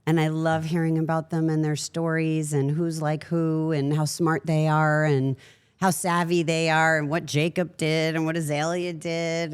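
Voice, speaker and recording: A woman with a low, steady voice hosting a relaxed interview. She slips in brief reactions and gently presses her guest with follow-up questions. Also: clean tone. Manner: warmly encouraging, short reactive interjections. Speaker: host. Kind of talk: casual interview chat.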